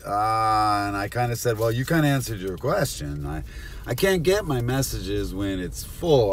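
A man hosts a solo podcast from inside his car, hopping from thought to thought and talking straight to absent listeners. His pitch swings widely as he goes, and a faint hiss sits under the recording. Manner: scattered, jumpy, talks to absent listeners. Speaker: podcast host. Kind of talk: rambling solo podcast monologue.

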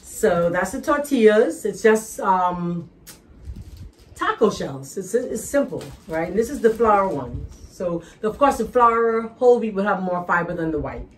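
A woman's voice: mid-range voice, lively intonation, unhurried. A Bahamian woman hosting a cooking show from her kitchen, chatting in a bubbly, teasing way. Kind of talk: lively cooking show chat. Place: home kitchen.

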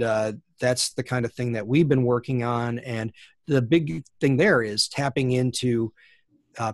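A middle-aged man answers interview questions at an even middle pitch, thinking aloud with frequent ums and restarts. His voice is recorded close and dry, with no room sound. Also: no room sound. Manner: thoughtful, many fillers and restarts. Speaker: guest, plant scientist.

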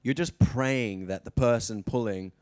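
A man's voice: mid-range voice, measured pace, darkish tone, no room sound. A young man from Australia with an Australian accent, an actor speaking enthusiastically in an interview studio, often restarting his sentences. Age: young adult. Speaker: actor guest. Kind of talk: casual interview chat.

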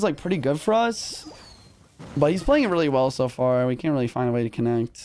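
A young man commentating his own live gameplay in casual slang, excitable and quick to yelp when rattled. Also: mid-range voice. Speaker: gaming streamer. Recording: music underneath.

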